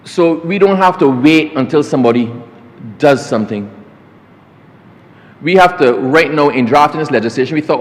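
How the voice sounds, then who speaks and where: With a slightly high, expressive voice at normal pace and long pauses, a Barbadian minister speaks formally in parliament. His speech, echoing with the chamber's long reverb, keeps turning to the chair as sir and wanders into folksy tales.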